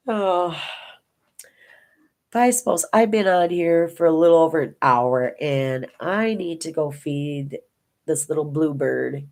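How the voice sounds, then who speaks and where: Low-voiced older woman chatting casually. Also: lively intonation, takes it slowly, long pauses, darkish tone. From Minnesota. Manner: rambling, homey storytelling with many restarts. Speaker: diamond painting vlogger. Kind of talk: casual chat to viewers.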